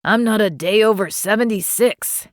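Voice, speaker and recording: Gentle old guy near eighty, slow and wistful, lower voice, read by a woman, dry sound. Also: no echo, close to an everyday voice. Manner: slow, wistful, fond teasing. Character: grieving widowed old man, nearly eighty, gentle.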